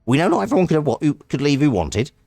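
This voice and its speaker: A man voicing a cursed male wanderer from a game, with a strained, high put-on voice and a wobbly made-up accent. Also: big pitch swings, quick pace, creaky, darkish tone, dry recording, heavily acted. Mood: earnest.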